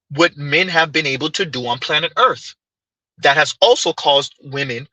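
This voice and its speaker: A man with a bright, slightly husky voice talks in measured casual commentary, pausing to correct his own wording. His pitch sits a little high. The sound is dry and close. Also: no echo, poor audio. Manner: measured, correcting himself as he goes.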